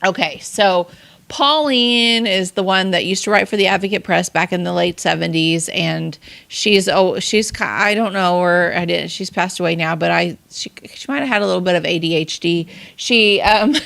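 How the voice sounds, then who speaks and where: A woman's voice: on the low side, normal speed, gravelly, fairly bright tone. A woman from southern Illinois with an accent of that region, co-hosting a podcast and telling rambling stories full of restarts. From southern Illinois, USA. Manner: rambling storyteller with many restarts. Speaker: podcast co-host. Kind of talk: casual chat.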